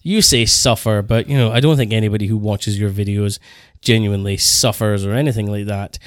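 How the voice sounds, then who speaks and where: A man co-hosting a casual podcast, telling stories in a rambling, animated way. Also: on the low side, a little fast, no room sound, studio quality. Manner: rambling, animated storytelling with self-corrections. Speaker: podcast co-host.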